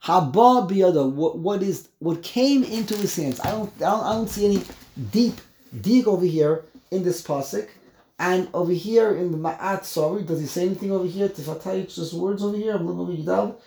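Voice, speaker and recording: A man teaching a text study class, explaining word by word, animated and emphatic, often repeating himself. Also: sits high, moderate pace, creaky, reverberant. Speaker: Torah teacher.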